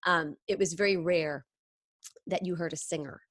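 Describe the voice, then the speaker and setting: A woman singer chatting in an interview, telling stories quickly and animatedly, full of tangents. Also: on the low side, dry recording, clean studio sound. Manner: fast, animated storytelling with tangents and laughs. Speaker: singer and impressionist, interview guest. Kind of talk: casual interview chat.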